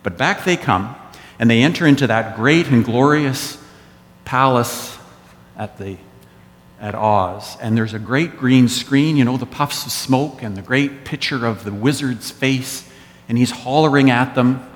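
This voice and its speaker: A man's voice: medium pitch, unhurried. A man giving a sermon as pastor, telling stories with wry asides. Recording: echoey church hall.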